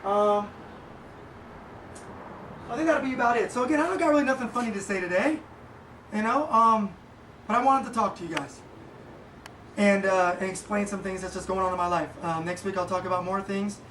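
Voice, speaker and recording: A man giving a casual motivational monologue as a podcast host, rambling and halting with many fillers. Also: high voice, fairly bright tone. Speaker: podcast host and small business owner. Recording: echoey room, distant mic, faint noise.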